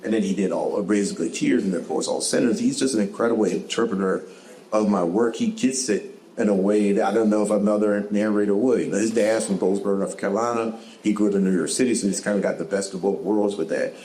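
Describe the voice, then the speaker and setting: A man with a Southern US accent answering audience questions at a bookstore author talk, animated and quick to laugh. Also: fairly low pitch, poor audio. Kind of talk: casual audience Q&A. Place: bookstore event.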